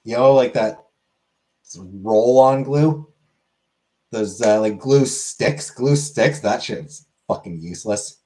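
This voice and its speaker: A man's voice: lowish voice, slow, darkish tone. A man streaming and answering his chat in a laid-back way, swearing casually.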